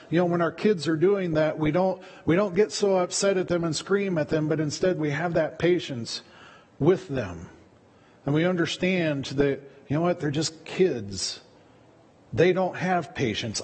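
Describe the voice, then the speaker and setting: In a church sanctuary full of long reverb, a man preaches a bit slowly and conversationally. He is a pastor whose slightly high, husky voice keeps circling back to repeat words as he goes.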